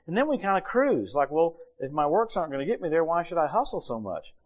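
A middle-aged male preacher delivering a sermon in a slightly higher-than-usual voice. He reads scripture aloud and then moves into lively, humorous storytelling. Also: fast talker, dull audio.

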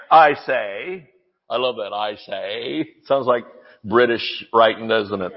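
A man preaching a sermon, excitable, jumping between quiet asides and shouted declarations. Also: mid-range voice, slow pace. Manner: excitable, shouts at peaks, jokes and laughs with the congregation. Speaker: pastor. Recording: dull, echoey church recording.

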